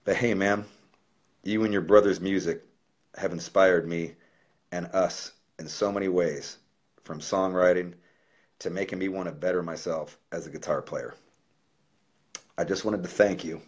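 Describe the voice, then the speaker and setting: Brief: man, very low voice, cursing musician on a casual livestream, reading a heartfelt letter. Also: fairly even intonation, a little slow, long pauses, husky. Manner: profane, loose and heartfelt.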